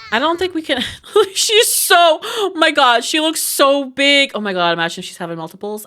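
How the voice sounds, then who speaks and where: A young woman giving casual let's-play commentary, chatty and quick to laugh, with lots of asides. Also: medium pitch, bright, forceful tone. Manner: chatty, laughs often, many "like" and "oh my God" asides. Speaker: gaming YouTuber.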